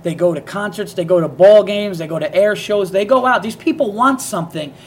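A man's voice: sits high, brisk, breathy edge. A man hosting a podcast, telling stories in casual chat, laughing often and acting out the people he quotes. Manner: animated storyteller, laughs often, acts out quotes. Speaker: podcast host.

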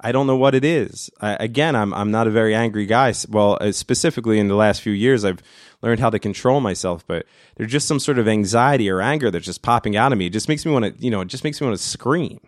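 A middle-aged man hosting a solo podcast, ranting with lots of swearing and breaking into loud screams. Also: on the low side, quick pace, dry recording, studio quality. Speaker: podcast host. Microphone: studio mic.

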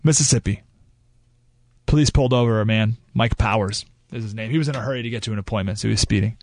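A man's voice: on the low side, fast talker, no echo. A man hosting a radio talk show, delivering an opinionated monologue with emphatic restarts and asides, recorded on a studio microphone.

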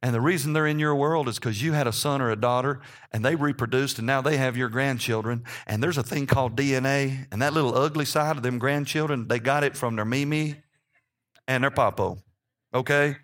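A man's voice: medium pitch, brisk, a bit bright. A man in his fifties, a pastor preaching a sermon in church, talking conversationally and often checking in with his listeners. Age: 50s.

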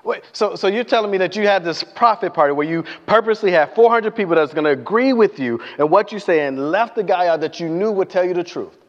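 A man's voice: high voice, quick pace, few pauses. Preacher man in a reverberant hall. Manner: animated storytelling, acting out voices and asking the congregation questions. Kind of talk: sermon. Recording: dull lo-fi sound with long hall reverb.

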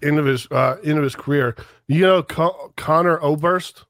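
A man on a podcast telling a story in a halting way, searching for words. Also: on the high side, creaky, a bit bright, no room sound, clean studio sound. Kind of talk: casual podcast chat.

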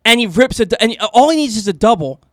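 Male sports radio co-host, high voice, excitable, stumbles over words, dry studio mic. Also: fast talker, no echo. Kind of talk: casual sports talk.

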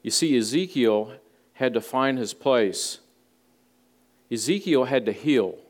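A man's voice: medium pitch, expressive, slow. A male pastor giving a conversational sermon in a church, with folksy asides to the congregation. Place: church sanctuary.

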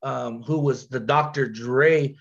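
A man with a nasal voice, a rapper guest telling a story in casual chat, slangy and quick to repeat and restart his words. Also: mid-range voice, fairly even intonation, vocal fry, highs cut off.

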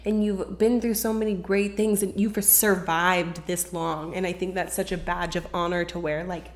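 A woman co-hosting a podcast in a loose, candid way, peppering her talk with "like" and the odd swear word. Her voice sits somewhat low. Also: level tone, normal speed. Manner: casual, frank, swears freely, says "like" a lot. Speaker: podcast co-host. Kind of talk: casual podcast chat and book reading.

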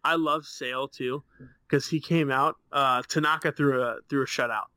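A man's voice: mid-range voice, fairly even intonation, moderate pace, sharp tone, no room sound. A young man co-hosting a casual sports and gaming podcast, swearing often and sounding exasperated. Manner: profane, exasperated, mocking impressions. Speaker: podcast co-host.

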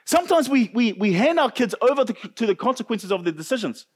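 A man with a New Zealand accent preaching a sermon as pastor, animated and jokey, talking straight to his congregation. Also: very high voice, quick pace, husky. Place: church service.

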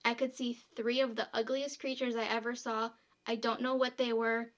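A female podcast co-host recounts a true story in a casual, chatty manner, reading long quotes aloud between fillers. Her voice is a little high, her pitch stays quite flat and level, and she speaks at normal speed.

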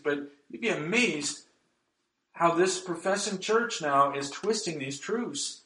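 A man's voice: a little high, animated, slow pace, pushed and bright, roomy sound, rough recording. A man preaching a sermon as pastor, emphatic and reading scripture aloud.

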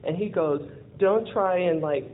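A woman's voice: fairly low pitch, a little slow. Woman telling a story over a tinny line. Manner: lively, acts out quoted dialogue, laughs often. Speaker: speaker telling a personal story. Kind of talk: personal storytelling with a closing lesson. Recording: phone-like narrow sound with faint noise.

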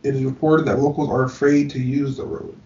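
A man's voice: mid-range voice, steady tone, brisk, gravelly, darkish tone. Man co-host, easygoing and teasing, sits off-mic in an echoey room. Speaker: podcast co-host. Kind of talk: casual chat reading spooky road lore. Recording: roomy, distant, dull lo-fi.

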